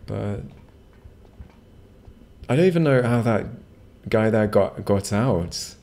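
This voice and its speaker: A man's voice: fairly low pitch, lively intonation, takes it slowly, pauses often, darkish tone. A man casually commenting while streaming a video game, rambling with self-mocking jokes and asides to chat. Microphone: desk microphone.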